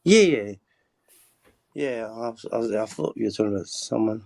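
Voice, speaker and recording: A man's voice: fairly low pitch, expressive, normal speed, gravelly, a little mellow. A man chatting informally with friends, using casual slang. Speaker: chat participant. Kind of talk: casual chat.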